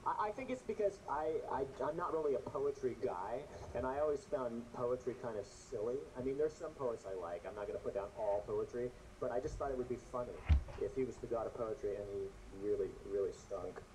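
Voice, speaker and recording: A middle-aged man, an author, telling funny stories to an audience in an animated, joking way. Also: mid-range voice, fairly quick. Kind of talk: humorous storytelling talk. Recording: noisy audio with background ambience.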